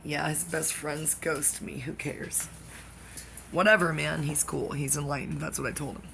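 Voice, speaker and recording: A speaker delivering a rambling comic monologue that jumps between topics, with excitable outbursts and sudden drops into whispers. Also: medium pitch, moderate pace, vocal fry, slight background noise.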